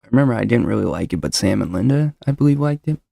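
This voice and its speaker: This show host talks fast in a mellow, creaky, expressive voice of medium pitch. Alone at a desk mic with a noise suppressor, he chats casually, rambling, joking and talking over himself. The sound is dry and of studio quality.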